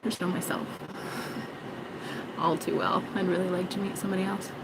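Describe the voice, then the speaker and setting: A woman's voice: fairly low pitch, level tone, fairly quick, creaky, very noisy. A woman vlogging in a rambling, joking monologue, swearing and mocking herself. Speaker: spiritual vlogger.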